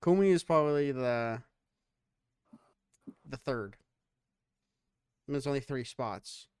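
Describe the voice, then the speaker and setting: Man, podcast host, crisp voice, casual swearing banter. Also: mid-range voice, slow pace, a little mellow, no room sound, clean studio sound. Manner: joking, profane banter.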